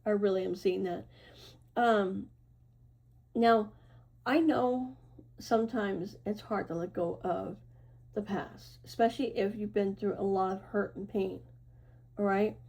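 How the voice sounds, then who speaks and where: Soft husky woman giving a tarot reading. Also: medium pitch, low-quality recording. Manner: reassuring, repeats "right?" and "okay?"; loose and chatty, with fillers and self-corrections. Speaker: tarot reader. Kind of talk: casual tarot reading to camera.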